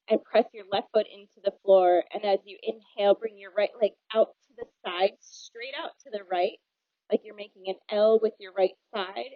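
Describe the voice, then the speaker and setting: A woman teaching a yoga class, calmly cueing breaths and movements with some ums and uhs. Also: medium pitch. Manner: calm, cueing breath and movement, with filler words. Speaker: yoga instructor. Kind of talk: guided yoga class instruction. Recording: dull, dry lo-fi sound.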